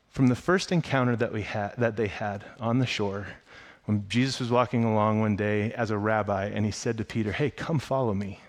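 Excited male pastor preaching a sermon. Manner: excited storytelling, with acted asides in a higher voice.

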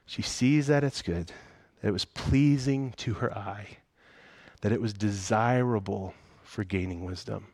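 A man's voice: mid-range voice, measured pace, a little mellow, no echo. A man preaching a sermon as pastor, conversational and full of rhetorical questions.

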